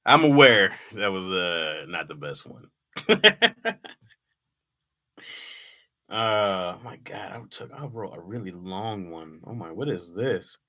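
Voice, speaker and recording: A man's voice: deep voice, sing-song, slow, long pauses, bright, forceful tone. A man reading his old jokes aloud to a live chat in casual talk, laughing at them and mocking himself.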